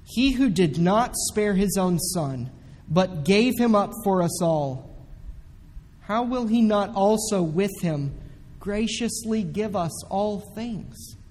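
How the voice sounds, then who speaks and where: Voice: medium pitch, animated, takes it slowly, darkish tone. A pastor preaching a sermon with emphasis, repeating the key commands again and again. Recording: long echoey hall reverb.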